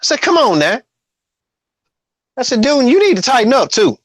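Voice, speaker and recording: A man's voice: very high-pitched, big pitch swings, moderate pace, no room sound. Rambling man on a dry mic. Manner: rambling, repeats himself, quotes others. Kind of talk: casual storytelling.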